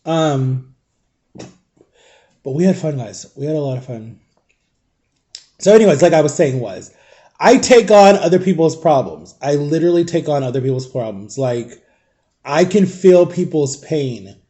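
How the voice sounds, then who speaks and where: Chatty man with a mellow, higher voice. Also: lively intonation, measured pace, long pauses. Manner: chatty, rambling, frequent "like" and "guys". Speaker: vlogger. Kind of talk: casual storytelling to camera.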